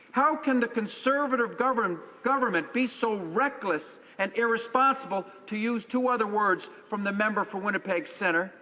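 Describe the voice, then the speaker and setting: Bright, high-voiced man debating in a chamber. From Newfoundland and Labrador, Canada. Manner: emphatic, rhetorical questions, repeats phrases for stress. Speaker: member of parliament. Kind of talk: parliamentary debate speech. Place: large legislative chamber. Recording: reverberant chamber sound.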